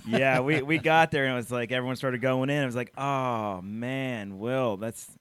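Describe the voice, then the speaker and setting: A man co-hosting a casual podcast chat, laughing and chiming in with quick reactions. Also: mid-range voice, fairly bright tone, clean tone, no echo.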